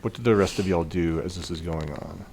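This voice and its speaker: A man narrating as game master in a relaxed way, with frequent fillers. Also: low-pitched, brisk, gravelly, a little hiss or hum.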